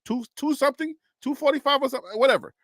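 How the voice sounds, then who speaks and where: A man's voice: very high-pitched, lively intonation, rapid-fire, a bit bright, dry recording. A man hosting a casual political discussion, laughing often, talking straight to one person and walking through things step by step. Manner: addresses a caller or chatter directly. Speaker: host.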